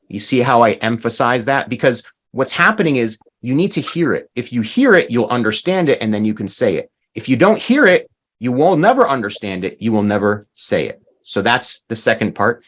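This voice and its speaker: A man leads an online language class, his pitch rising and falling in an animated way. He models new words slowly and emphatically, often repeating them so learners can hear each one clearly. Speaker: language teacher.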